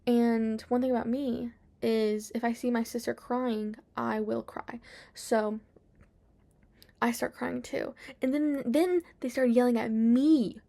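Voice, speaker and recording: A woman with a fairly high voice hosts her own podcast and tells stories in a casual, animated way. She repeats her points for emphasis and speaks into a desk microphone at home. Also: takes it slowly, gravelly, no room sound. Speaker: podcast host. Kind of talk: casual storytelling.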